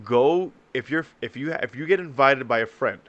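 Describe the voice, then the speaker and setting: A young man hosting a casual podcast, telling profane, animated stories to his co-hosts. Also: medium pitch, moderate pace, muffled recording. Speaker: podcast host. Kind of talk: casual chat.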